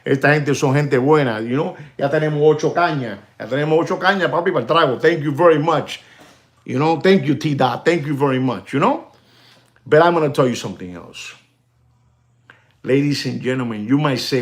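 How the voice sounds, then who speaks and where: Male livestream host, gravelly voice, animated and conspiratorial, mid pitch. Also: normal speed. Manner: animated, repetitive, switching into Spanish; conspiratorial, addresses viewers directly. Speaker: live stream host. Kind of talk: casual livestream monologue.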